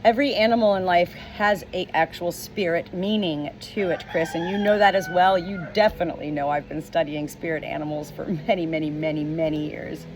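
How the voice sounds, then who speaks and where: A middle-aged woman speaking as a spiritual medium, slow and emotional, often repeating words, tearful at times. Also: lowish voice, fairly even intonation. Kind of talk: channeled message video. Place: outdoors with roosters nearby. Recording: roosters and outdoor noise behind.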